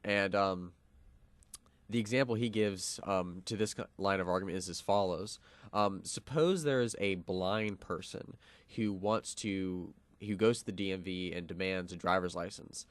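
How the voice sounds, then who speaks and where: A man's voice: low-pitched, normal speed, dry recording. A young man co-hosting a college radio show, explaining a philosophical argument with lots of fillers and restarts. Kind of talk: casual philosophical discussion.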